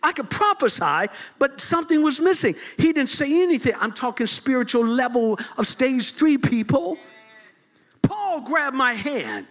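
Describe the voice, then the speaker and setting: A man preaching a lively storytelling sermon to a congregation in a church, swinging from low asides to loud high shouts and laughing often. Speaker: bishop, preacher. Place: church service before a congregation.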